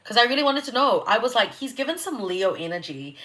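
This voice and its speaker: A woman's voice: a little high, lively intonation, a little fast, fairly bright tone. A young woman, an astrologer chatting loosely on a livestream, giggly, swearing and reacting to viewer comments. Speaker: astrologer hosting a live reading. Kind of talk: casual livestream chat.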